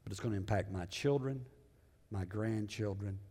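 A male pastor preaching a sermon with dramatic swings between loud emphasis and hushed lows. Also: normal speed, breathy edge. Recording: long hall reverb.

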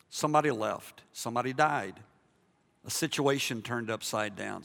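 A man preaching a sermon in a church, animated, moving from loud emphasis to hushed softness, with jokey asides to the congregation. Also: medium pitch, moderate pace, big-room sound. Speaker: pastor. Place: church sanctuary.

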